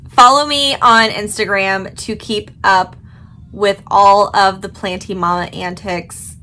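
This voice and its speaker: A woman's voice: medium pitch, steady tone, slow pace, bright, forceful tone. A woman vlogger gushing dramatically over a new plant, yawning and sleepy despite her coffee. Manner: gushing, dramatic, swearing casually. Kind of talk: excited unboxing vlog.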